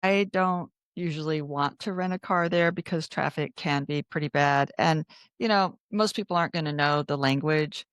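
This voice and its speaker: A woman's voice: deep voice, normal speed, clear, resonant tone, no echo, studio quality. A woman who is a travel author, chatting in an interview and often restarting her words. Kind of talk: casual interview chat.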